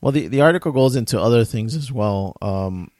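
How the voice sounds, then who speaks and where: A man's voice: medium pitch, lively intonation, a little fast, a little mellow, dry recording, studio quality. A man in casual podcast chat, retelling a story with lots of quoting and fillers.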